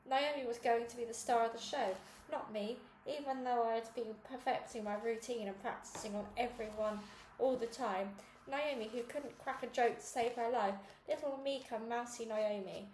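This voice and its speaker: A woman reading a children's novel aloud in a lively storytelling manner. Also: a little high, moderate pace, roomy sound, slight background noise, rough recording. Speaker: reader.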